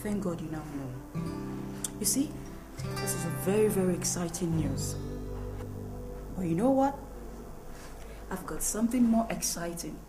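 An actress with a Nigerian accent playing a scheming, jealous young woman who taunts and shouts insults. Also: lowish voice, animated, a little slow, long pauses, loud music behind the voice, rough recording. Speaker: actor in a film drama.

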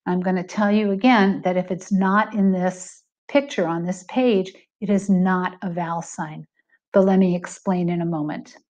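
A woman's voice: fairly low pitch, darkish tone. Middle-aged woman, patient teacher voice. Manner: clear, patient explaining with slow stressed examples. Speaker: Hebrew teacher. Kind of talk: recorded lesson narration.

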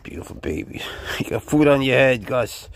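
Gravelly laid-back man chatting about his snakes. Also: mid-range voice, normal speed. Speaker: snake keeper. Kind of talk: casual chat to camera.

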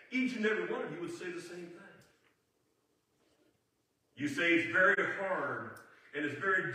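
A middle-aged man preaching a sermon as a guest speaker, telling folksy stories and swinging into loud, emphatic preaching. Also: high voice. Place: church sanctuary. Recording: echoey church hall from a distance with faint noise.

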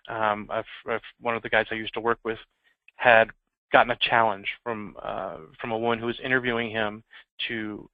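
A man explains security threats in a loose, storytelling way, his words tumbling out quickly. The sound is narrow and tinny, like a phone line, and completely dry with no room around it. His pitch sits in an ordinary middle range. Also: no echo. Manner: informal anecdotal storytelling. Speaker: security trainer. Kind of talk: conversational training presentation.

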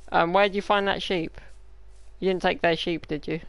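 A man gives playful, joking commentary as he plays. His voice has a gravelly edge yet comes through smooth and clear. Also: sits high, steady tone, moderate pace, a bit bright, no room sound. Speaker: gaming YouTuber. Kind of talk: live gameplay commentary.

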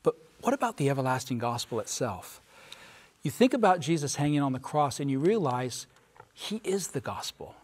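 A man's voice: medium pitch, very animated, darkish tone, slightly rough. A man on a church study panel, preaching a Bible lesson earnestly and emphatically, reading scripture verses aloud and posing questions to his listeners. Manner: pauses for listeners' responses. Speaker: Sabbath School panelist.

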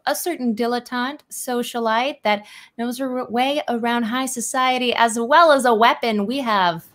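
An upbeat woman hosts and introduces the players as game master. Her voice sits a little high and she speaks enthusiastically. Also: a little slow. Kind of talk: hosting a live role-play show.

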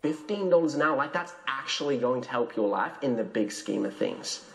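A man's voice: medium pitch, animated, fairly quick, creaky, fairly bright tone. A man ranting preachily to camera in an indignant tone. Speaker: online salesman in a video. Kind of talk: preachy video rant. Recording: echoey room.

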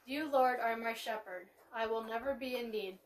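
A woman's voice: on the high side, a loud crowd. Woman reading a psalm from afar. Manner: measured reading with cued responses. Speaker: psalm reader. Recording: distant mic with faint noise.

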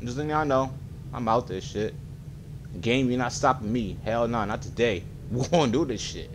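A young man with a deep voice giving casual, excitable let's-play commentary, swearing and talking to his viewers as he plays. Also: moderate pace, slight background noise. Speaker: gaming video creator.

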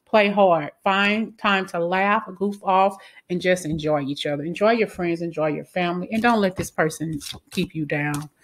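Blunt, low-voiced woman reading tarot. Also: normal speed. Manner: blunt, swears freely, flares into angry outbursts; frequent "okay?" tag questions. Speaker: tarot reader. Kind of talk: casual tarot reading to camera.

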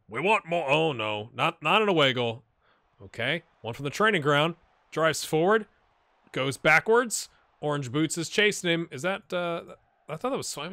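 A man giving casual, animated commentary while playing a football management game, cheering on and talking to his players. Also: on the high side, no echo, studio quality. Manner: animated, talks to his players, puts on silly voices.

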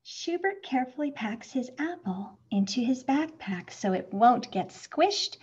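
A woman reading a children's picture book aloud, expressive and acting out the sound words. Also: on the high side, unhurried, hardly any pauses, breathy edge. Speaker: storybook reader. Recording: muffled lo-fi recording.

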